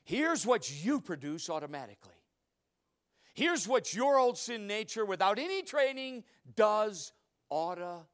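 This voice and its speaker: Lively, high-voiced male preacher. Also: normal speed. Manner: animated storytelling with loud outbursts and hushed asides. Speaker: pastor. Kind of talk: sermon.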